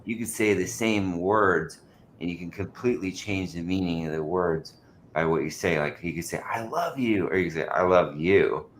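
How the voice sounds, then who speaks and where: A man's voice: low voice, fairly even intonation, brisk, a little hiss or hum. A man hosting a panel discussion, playful and chatty, slipping into silly voices when he tells a story. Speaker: panel host.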